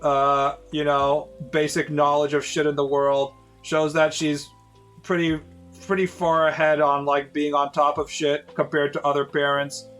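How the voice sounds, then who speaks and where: A man's voice: a little high, little pitch movement, a little slow, a bit bright, soft background music. A man in his late thirties, a streamer casually telling rambling, profane stories to his viewers with lots of fillers. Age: 30s.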